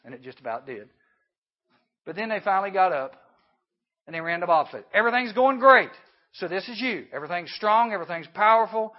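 A man giving an emphatic sermon at a youth camp, swinging between hushed and loud. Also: high-pitched, lively intonation, a little fast. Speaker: camp speaker. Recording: dull lo-fi recording.

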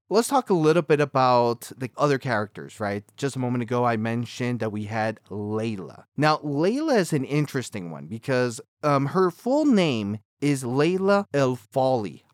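A man's voice: medium pitch, dry recording, clean studio sound. Chatty man reviewing a series. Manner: chatty, conversational, frequent asides and fillers. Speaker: video reviewer. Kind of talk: casual review commentary.

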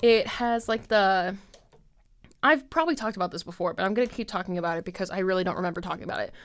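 A woman's voice: mid-range voice, quick pace. A woman in her twenties hosting a podcast, rambling in casual chat with lots of fillers and frequent laughs. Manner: chatty and scattered, heavy with fillers and frequent laughs. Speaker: podcast host.

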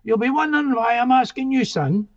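A man voicing an older, calm and kindly Scottish bandleader who plainly calls people son, with a Scottish accent, on a dull lo-fi recording. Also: very high-pitched, brisk, voice pushed up. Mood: assured.

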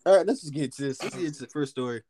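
A man's voice: on the high side, racing, dark tone. A man co-hosting a casual comedy podcast, joking and swearing as he stumbles through reading news stories aloud.

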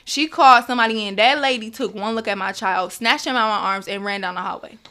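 A young woman recounts a personal story with a bright, forceful voice. She slips in and out of quoting the people involved, acting out their words as she goes. Her voice sits at an ordinary middle pitch for a woman. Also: fast talker. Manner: animated, acts out others' words in quotes. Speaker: guest.

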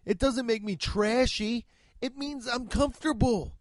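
A man's voice: very high voice, unhurried, no echo, clean studio sound. A man hosting a solo comedy podcast, ranting and rambling with heavy profanity. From United States. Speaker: podcast host.

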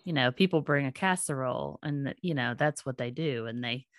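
Woman, very low voice, dry sound, thoughtful, halting, conversational. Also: no room sound. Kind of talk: casual conversation.

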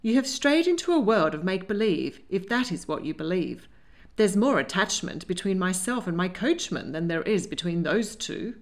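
A woman voicing a brisk, scheming elderly grandmother who speaks bluntly and decisively. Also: fairly low pitch, sing-song. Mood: blunt, scolding.

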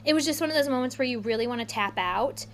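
Animated high-voiced woman telling a story. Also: fast. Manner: animated, rambling, many "like"s. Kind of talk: casual storytelling chat.

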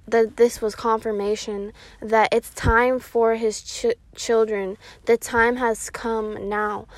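A woman sharing a prophetic word on her podcast, speaking earnestly with many pauses and ums. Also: a little high, no echo. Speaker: podcast minister. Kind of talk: prophetic devotional talk.

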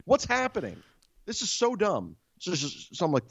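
Exasperated man telling a story, lively. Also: fairly low pitch, normal speed, dry recording, lo-fi sound. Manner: animated, exasperated, swears a lot. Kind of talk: casual storytelling chat.

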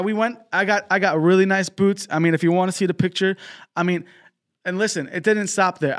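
High-voiced fervent male preacher. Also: bright, forceful tone. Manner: fervent, peppered with exclamations of praise; storytelling with quoted dialogue. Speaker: traveling preacher. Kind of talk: preaching and donation appeal. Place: broadcast.

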